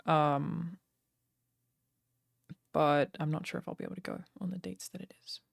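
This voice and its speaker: A young woman chats loosely with her stream viewers and answers their questions as they come in. Her voice sits slightly low for a woman. She leans on "like" and "um" as she thinks aloud. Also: steady tone, normal speed, creaky. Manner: chatty, full of "like" and "um" fillers. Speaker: streamer and game writer. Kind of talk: casual live-stream chat answering chat questions.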